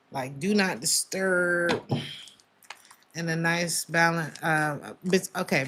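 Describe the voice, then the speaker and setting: Low-voiced chatty woman tarot reader. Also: sharp tone. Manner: emotional, chatty, many fillers and laughs. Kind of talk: casual tarot reading.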